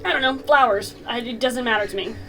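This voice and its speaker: A woman's voice: a little high, fast talker, a bit bright, faint music behind, low-quality recording. A woman narrating a tabletop game as game master, giggly and full of fillers.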